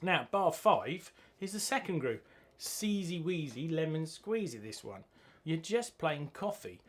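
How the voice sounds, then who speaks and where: A man's voice: on the high side, sing-song, unhurried. A man teaching a drum lesson, chanting rhythm words as he plays. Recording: loud drumming behind the voice. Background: drum kit playing.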